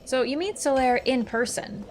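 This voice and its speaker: A woman's voice: high-pitched, normal speed, faint music behind. A woman who chats casually while playing a game on stream. She laughs often and answers her viewers as she goes. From Canada. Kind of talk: casual gaming livestream chat.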